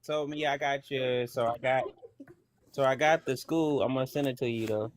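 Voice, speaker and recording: A man's voice: mid-range voice, steady tone, normal speed, a little hiss or hum. A man on a wrestling talk panel, plugging his next show in a loose, rambling way with many fillers. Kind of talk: casual panel chat.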